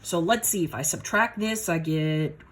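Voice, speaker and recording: A lowish-voiced woman speaks at a moderate pace while casually working through a math problem step by step, narrating to herself. The lesson is folksy, and she sounds a little winded.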